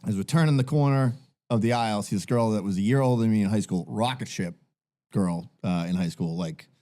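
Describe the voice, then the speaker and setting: A man's voice: lowish voice, brisk, mellow. A man in his thirties co-hosting a podcast, telling rambling, self-deprecating anecdotes with lots of fillers. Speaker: podcast co-host. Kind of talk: casual chat.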